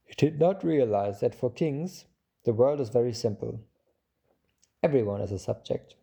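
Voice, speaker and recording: A man reads a storybook aloud in a calm, measured way. His voice is gravelly and husky, with a deep, mellow darkness throughout. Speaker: audiobook narrator. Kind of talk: storybook narration.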